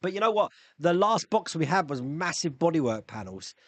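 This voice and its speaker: A man hosting a casual live stream, chatting loosely and answering viewers' questions with rambling asides and quick laughs. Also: a little high, very animated, dry recording. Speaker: YouTube live stream host.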